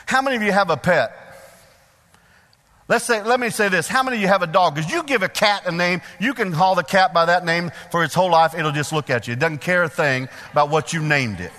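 A middle-aged male preacher giving a sermon in a church, folksy and animated, putting questions to the congregation. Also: high voice, a little fast. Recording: long hall reverb.

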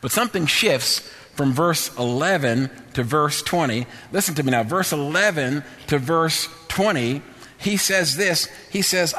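Male preacher, fairly high and bright, storytelling sermon style in a reverberant church hall. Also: animated, unhurried. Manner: storytelling, with quoted dialogue and repeated phrases.

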